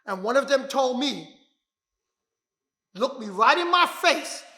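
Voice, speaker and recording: A martial arts instructor telling his story as a motivational talk, emphatic and repetitive, often bursting into shouts. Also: extremely high pitch, big pitch swings, takes it slowly. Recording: echoey room.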